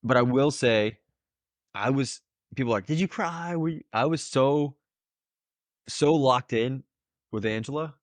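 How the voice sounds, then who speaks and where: A man's voice: medium pitch, a little slow, long pauses, no room sound. A young man casually telling a personal story on a podcast, earnest and emotional and laughing often. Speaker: podcast host, new father.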